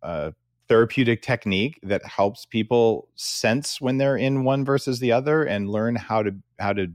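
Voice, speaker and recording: A man's voice: medium pitch, normal speed, dry recording, studio quality. A man hosting an interview podcast, speaking casually and directly as he reflects and asks questions. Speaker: podcast host. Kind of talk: conversational interview.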